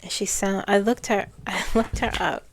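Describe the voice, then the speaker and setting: A woman's voice: medium pitch, steady tone, normal speed, vocal fry. A woman psychic talking casually about a spirit she channeled, rambling and often restarting her phrases.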